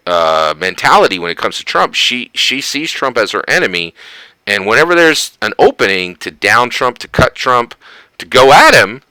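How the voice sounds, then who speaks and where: An American man from Philadelphia giving casual political commentary, emphatic and animated, often tagging "right?" onto his points. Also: mid-range voice, no echo, poor audio. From Philadelphia, United States.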